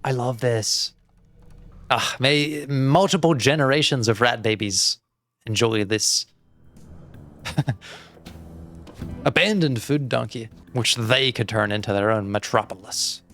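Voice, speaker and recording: A therapist playing a video game, giving casual let's-play commentary in a playful, musing way and laughing often. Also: male voice, mid-range voice, fairly even intonation, unhurried, pauses often, fairly bright tone, faint music behind.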